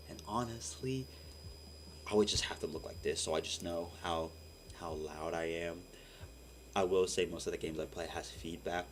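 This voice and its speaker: A young man, a streamer, chatting casually and rambling with lots of fillers in a deep voice. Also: a little hiss or hum. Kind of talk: casual chat. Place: home room. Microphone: desk mic.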